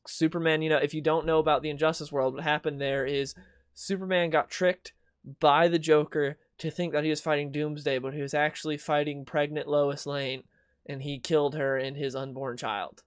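A young man rants in a casual, sarcastic way, slipping into mocking quoted voices now and then. His voice sits a bit high for a man. The recording is dry and close, with no room sound. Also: little pitch movement, moderate pace, clean tone, no room sound. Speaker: comic book video host. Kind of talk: casual opinion commentary.

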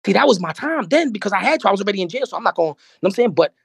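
A man with a New York accent talks quickly, his voice gravelly and husky. He tells his story in an animated, streetwise way and circles back on his own words. The sound is dry and close. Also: high-pitched, dry recording. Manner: animated, streetwise, repeats himself. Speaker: podcast guest. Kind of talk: casual storytelling.

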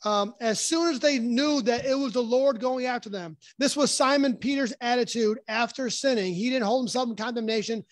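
High-voiced man teaching, halting. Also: no room sound. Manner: halting, many restarts and fillers, earnest. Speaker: podcast guest. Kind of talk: casual Bible teaching.

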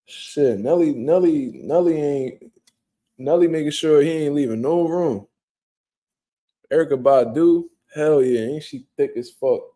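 Speaking in an unhurried, higher-pitched voice, a young man hosts a casual livestream from a quiet home setting. He responds to viewers' comments with laid-back, profane slang.

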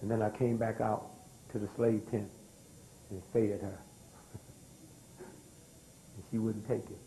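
A man's voice: fairly low pitch, flat delivery, a little slow, mellow, slight background noise, poor audio. An older man, lecturing a live audience, throwing rhetorical questions and asking for responses. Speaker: speaker.

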